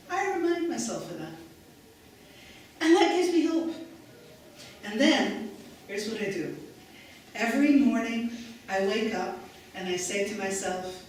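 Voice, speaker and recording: A spirited ninety-two-year-old aunt, as a woman speaker puts her on, upbeat and wise, with a slight foreign accent. She speaks slowly and emphatically, her voice set fairly high. It rings through a big echoey hall from a mic far away. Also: a little hiss or hum.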